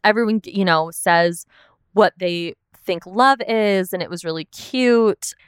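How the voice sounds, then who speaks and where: A woman's voice: mid-range voice, measured pace, clear, resonant tone, no echo, studio quality. A young woman hosting a podcast, recapping a reality show in casual chat, full of "like" and the odd swear word. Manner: chatty, peppered with "like", swearing. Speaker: podcast host.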